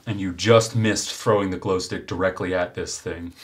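Deep-voiced man running a tabletop game. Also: steady tone, noisy background. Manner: unhurried, thinking aloud with fillers. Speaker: game master.

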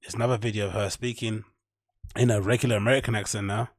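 Husky man, casual podcast talk. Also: on the low side, fairly even intonation, quick pace, dry recording, clean studio sound. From London. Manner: rambling, tags lines with "right?". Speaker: podcast host. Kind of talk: casual commentary.

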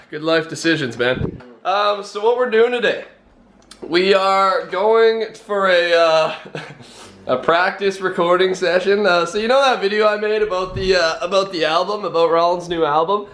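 A young man with a high, light voice chats to his viewers in a casual home vlog. He sounds excitable and a little nervous, laughing between lines and tossing in dude and man. The sound is echoey, as if from a bare room. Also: moderate pace. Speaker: YouTuber host. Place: at home, indoors.

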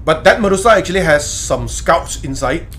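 Man, game streamer, bright forceful voice, slightly high, casual swearing banter. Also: lively intonation, moderate pace, slight background noise. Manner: loose, swearing, laughing banter with chat. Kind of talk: casual live-stream chat while gaming.

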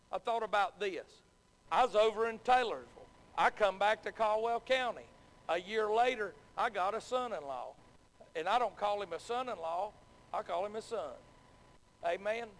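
High, bright preacher in a church. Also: male voice. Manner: repetitive, earnest preaching with frequent amens. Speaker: pastor. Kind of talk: sermon. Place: church sanctuary. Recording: long echo of a church hall.

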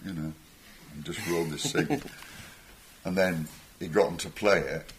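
Slight background noise accompanies this older man's low-pitched, moderately paced voice. He's a musician guest on stage, telling meandering anecdotes with chuckles and impersonated voices.

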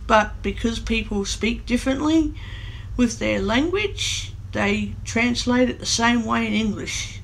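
A woman's voice: on the high side, lively intonation, unhurried, creaky, rough recording. Chatty woman explaining things, faint background hiss. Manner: chatty, explains in loose run-on sentences. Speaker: vlogger. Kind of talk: casual explanation while playing a language app.

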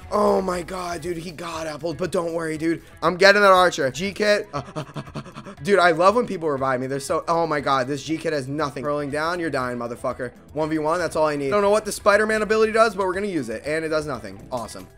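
A young man giving frantic, swearing gameplay commentary as a gaming video creator, swinging between mumbling and yelling. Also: a little high, brisk, faint music behind.

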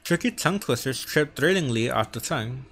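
A man's voice: mid-range voice, expressive, a little fast, background noise. Man with a stutter and a lisp. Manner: stutters, repeating sounds and words. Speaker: vlogger. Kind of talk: practicing tongue twisters on camera. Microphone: wearing earphones.

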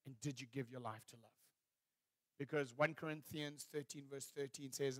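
At a moderate pace and medium pitch, this pastor delivers a sermon full of animated, acted-out stories. His humor is warm, and he laughs at his own anecdotes. No echo is present.

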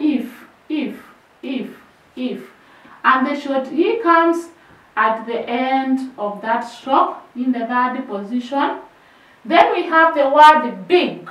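A woman with a Kenyan accent teaching a shorthand lesson, repeating each drilled word several times and trailing off softer. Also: high-pitched. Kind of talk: classroom lesson, slow drilled repetition. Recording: very echoey room, voice from far off.

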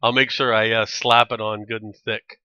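A man with a Canadian accent streaming a video game, chatting in a rambling, jokey way and quick to laugh. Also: fairly low pitch, level tone, bright, forceful tone, smooth, no room sound, dull audio. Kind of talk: casual gameplay chat.

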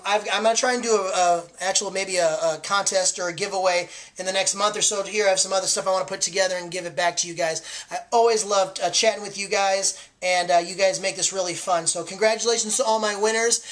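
A woman hosts a sports card giveaway in a casual home vlog. Her voice sits at an ordinary middle pitch, and she talks in an eager, chatty way, full of ums, uhs and quick self-corrections. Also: steady tone.

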